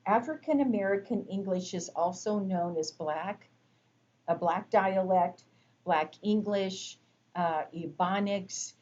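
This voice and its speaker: A woman instructor giving a recorded lecture, explaining terms in a measured way with frequent fillers. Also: medium pitch, a little mellow, dull audio, a little hiss or hum.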